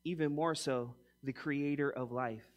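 A man in his forties preaching a sermon, emphatic, swinging between loud punchy lines and quiet low ones, acting out mock quotes with humor. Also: steady tone, measured pace, highs cut off. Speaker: pastor.

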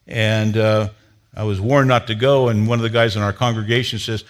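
Pastor, animated storyteller. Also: male voice, moderate pace. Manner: animated storyteller, grows loud and high when excited, then drops to a low earnest tone. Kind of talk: sermon with personal storytelling.

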